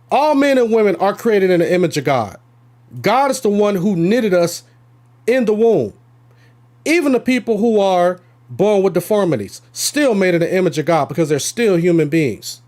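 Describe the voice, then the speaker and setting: A man's voice: high voice, darkish tone. A male host giving emphatic, indignant commentary in a preachy manner on a live stream.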